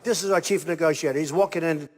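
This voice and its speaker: A man's voice: a little high, fast. An older man giving a blunt, repetitive rally speech with mocking asides, recorded in a large arena. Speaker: political candidate speaking at rallies. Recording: hall reverb with crowd noise.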